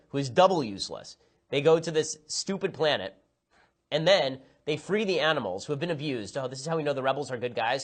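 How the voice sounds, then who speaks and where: A man giving a rapid, sarcastic, exasperated film review. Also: mid-range voice. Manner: sarcastic, exasperated, quick-firing rants. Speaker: political commentator.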